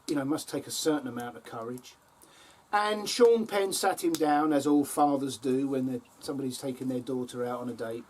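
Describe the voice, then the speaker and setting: A man's voice: mid-range voice, a little mellow, a little hiss or hum. An older man on his allotment, casually telling funny anecdotes with lots of ums and chuckles. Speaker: allotment vlogger. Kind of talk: casual storytelling to camera. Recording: voice from a distance with faint outdoor ambience.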